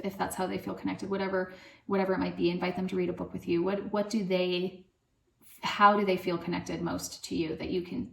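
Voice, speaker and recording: A woman in her thirties hosting a parenting channel, answering viewer questions in a gentle, conversational way with soft laughs and fillers. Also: on the low side, vocal fry, reverberant.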